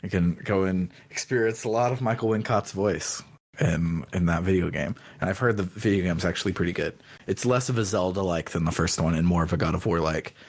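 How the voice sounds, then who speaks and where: A man co-hosting a podcast in a casual film discussion, relaxed and sharing trivia. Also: low voice, fairly quick. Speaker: podcast co-host.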